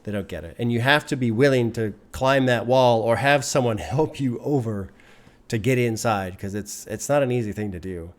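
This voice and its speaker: A man's voice: medium pitch, moderate pace. Earnest rambling man talking to viewers. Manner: earnest, rambling, repeats phrases for emphasis. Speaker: music reaction YouTuber. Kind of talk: casual talk to camera.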